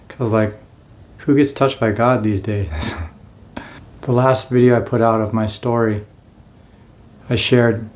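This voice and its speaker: A forties-aged man with a medium-pitched, somewhat mellow voice shares his life story casually and sincerely. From time to time he reenacts what he once said.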